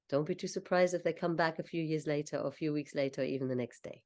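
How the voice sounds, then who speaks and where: A woman coach leading a slow, soothing guided visualization, talking the listener through each step. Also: deep voice, a little mellow. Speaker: confidence coach.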